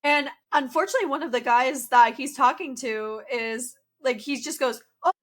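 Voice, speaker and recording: High bright-voiced woman summarizing plot. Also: normal speed. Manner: relaxed plot summarizing with many fillers. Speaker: podcast co-host. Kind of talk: casual rewatch chat.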